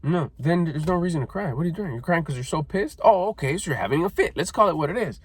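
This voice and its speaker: A man's voice: on the high side, animated, fast, few pauses, slightly rough, no echo. A middle-aged man giving a blunt, profane motivational talk, scolding listeners and mocking their excuses in whiny put-on voices. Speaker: motivational speaker.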